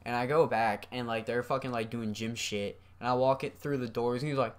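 A young man with a medium-pitched, steady voice talks briskly with few pauses. The vlogger casually rambles through a story from school, swearing freely and packing in plenty of fillers.

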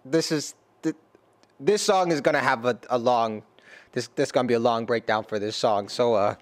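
A man, a rapper, giving an excitable reaction commentary, often repeating and restarting words. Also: mid-range voice, moderate pace.

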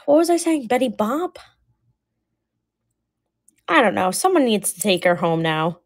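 A woman in her twenties chatting casually on a live sales stream, talkative and quick to laugh at her own slips. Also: high voice, expressive. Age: 20s. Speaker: live online seller. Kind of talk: casual live-sale chat.

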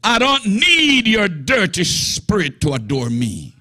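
A stern male teacher gives a sharp, commanding rebuke, played by a preacher. The voice is raised and breathy, and it swings between slow, drawn-out words and sudden bursts. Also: high voice, huge pitch swings, voice pushed up, full character voice.

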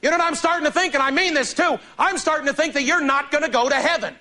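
A man's voice: extremely high pitch, fast, sharp tone, pitched above the performer's own voice. A man acting out his zealously religious older brother as he loses his patience and scolds him. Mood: annoyed scolding. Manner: exasperated, scolding.

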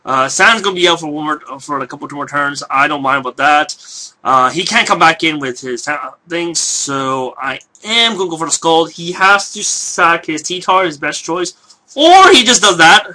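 A man giving casual live commentary on a video game he is playing, hoarse from losing his voice, talking in a rambling, hesitant way full of fillers and restarts. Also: a little high, animated, moderate pace, pushed and bright.

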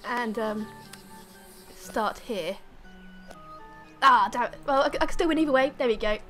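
A woman's voice: a little high, moderate pace, fairly bright tone, faint music behind. A woman playing a video game and reading its dialogue aloud, giggly and stumbling over words. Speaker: let's play gamer. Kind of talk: casual gameplay commentary.

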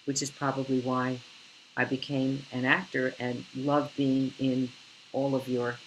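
An older woman, an actress, telling stories in an animated, theatrical way over a video call. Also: extremely low pitch, a little slow, slight background noise, poor audio. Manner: theatrical, expressive, slips into character voices. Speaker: actress guest. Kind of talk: animated interview storytelling.

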